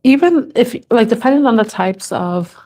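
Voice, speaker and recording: A woman's voice: on the high side, expressive, normal speed, a little mellow. A woman giving a live tarot reading to camera, talking in a tender, rambling way and growing emotional as she reads. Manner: tender, rambling, moved to tears at times. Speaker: tarot reader.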